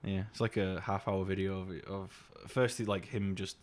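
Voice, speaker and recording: Young man, low-pitched, podcast co-host, casual chat, sweary, mocking impressions. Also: moderate pace. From United Kingdom. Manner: sweary, animated storytelling with mocking put-on voices.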